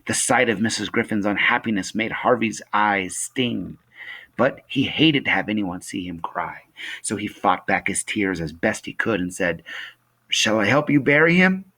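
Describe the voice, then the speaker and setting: A teacher reading a novel chapter aloud to his class in steady narration. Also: fairly low pitch, normal speed.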